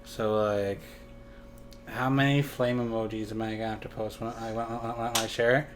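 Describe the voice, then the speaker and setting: A man's voice: fairly low pitch, flat delivery, normal speed, slight background noise. A man interviewing a guest in casual talk, hesitant and repeating words, offering encouragement.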